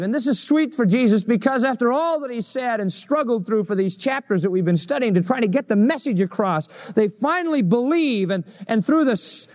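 A man preaching a sermon, earnestly explaining a Bible passage and rising to emphatic, lifted phrases on key points. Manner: earnest, swings to high emphatic pitch on key lines.

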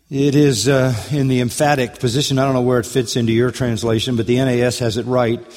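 A man's voice: medium pitch, a little mellow. A male pastor delivering an expository sermon. He preaches emphatically, repeats his key phrases and asks rhetorical questions. His voice carries a long reverb from a large church sanctuary.

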